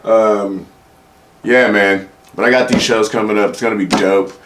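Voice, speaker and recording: A young man with a fairly low voice telling stories in a loose, rambling way. He is a comedian talking alone on his podcast, swearing freely and acting out what people said. His delivery stays relaxed and conversational. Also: fairly quick. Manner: profane, laid-back anecdotal delivery with quoted voices. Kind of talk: casual solo podcast storytelling.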